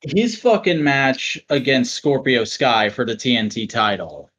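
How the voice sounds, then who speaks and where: A man co-hosting a podcast in casual chat, excitable and swearing freely. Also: mid-range voice, a little slow, muffled recording, a little hiss or hum. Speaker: podcast co-host.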